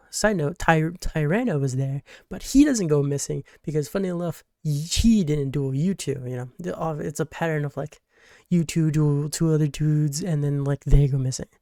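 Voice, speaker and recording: A gaming YouTuber giving a casual, rambling game recap, full of fillers and quickly acting out the characters' lines. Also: medium pitch, mellow, no echo, studio quality.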